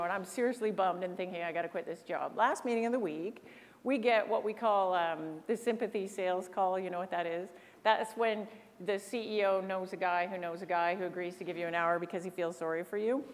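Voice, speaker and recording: A woman from Canada giving an animated storytelling keynote on a conference stage, often acting out other people's voices. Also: medium pitch. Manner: animated, acts out quoted voices. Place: large conference hall. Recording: long hall reverb.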